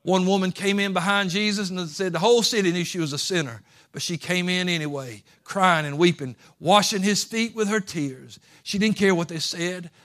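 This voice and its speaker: A man preaching a sermon as pastor, folksy, swinging from quiet asides to impassioned pleading. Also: sits high, moderate pace, hardly any pauses.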